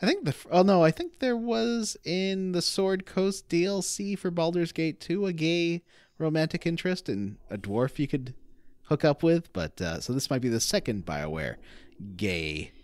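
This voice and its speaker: A man co-hosting a gaming podcast, chatting casually and telling stories with lively retellings. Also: a little high, moderate pace, no room sound. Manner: animated storyteller, acts out character quotes. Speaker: podcast co-host.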